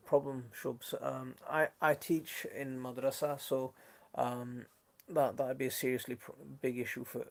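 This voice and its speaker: A live-stream host with a blended Leeds and Sheffield accent, talking at an ordinary pitch with a gravelly edge. He sounds chatty and friendly, answers viewer comments and often restarts his sentences, all recorded on a phone at home. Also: a little mellow. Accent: mixed Leeds and Sheffield. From Northern England. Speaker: gardening channel host.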